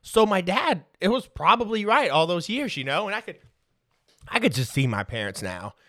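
High-voiced man telling stories with swearing. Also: very animated, normal speed, pushed and bright, dry recording, studio quality. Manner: profane, laughs through his stories. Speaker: podcast host. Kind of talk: casual storytelling.

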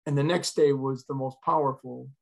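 A man's voice: medium pitch, steady tone, normal speed, gravelly, a little mellow. A middle-aged man, a retired fire chief, telling a personal story in an earnest, emotional way as a podcast guest.

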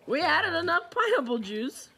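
A woman's voice: very high voice, very animated, normal speed, bright, forceful tone. A woman co-hosting a live show, tasting drinks with playful, giggly banter.

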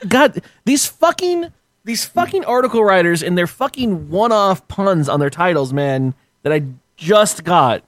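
A man trades crude jokes and swears often in a podcast chat. His voice is fairly high and very lively. The sound is dry and close. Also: measured pace, no echo. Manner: crude, joking, profane. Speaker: podcast panelist. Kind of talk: casual podcast banter.

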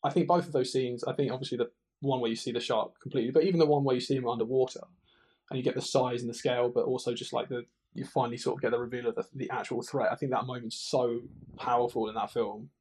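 A man's voice: medium pitch, fairly even intonation, fast talker, darkish tone. A man co-hosting a podcast, chatting enthusiastically and rambling with many restarts. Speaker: podcast co-host. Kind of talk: casual film chat.

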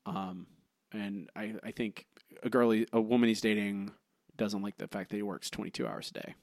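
A man's voice: fairly low pitch, flat delivery, normal speed, vocal fry, no echo, clean studio sound. A man co-hosting a podcast in casual trivia chat, teasing his partner and rambling through answers with many fillers. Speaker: podcast co-host.

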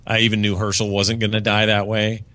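A man's voice: lowish voice, completely flat delivery, fairly quick, bright, forceful tone, no echo. A man co-hosting a podcast in casual chat, rambling with many fillers and restarts. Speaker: podcast co-host. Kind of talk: casual chat reviewing a TV season. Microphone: podcast studio mic.

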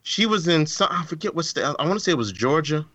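A man's voice: a little high, big pitch swings, quick pace, sharp tone, no echo. A man co-hosting a podcast in casual chat, talking emphatically and repeating words for effect. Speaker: podcast co-host.

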